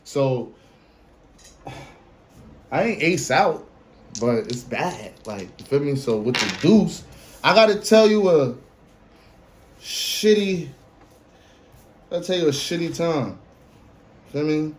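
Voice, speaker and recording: A man in his late twenties hosting a casual solo podcast, slangy and animated, swinging between a hyped voice and a low drawl. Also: slow pace, long pauses, a little hiss or hum. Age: 20s. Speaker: podcast host.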